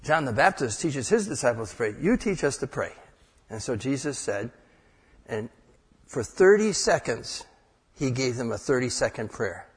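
A man's voice: medium pitch, lively intonation, normal speed, slightly rough. A man preaching an informal sermon as pastor, folksy and joking, acting out short prayers. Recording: echoey hall with long reverb.

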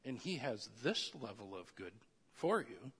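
A man preaching a sermon, asking his listeners questions and acting out quoted prayers, loud at times. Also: mid-range voice, sing-song, unhurried, husky.

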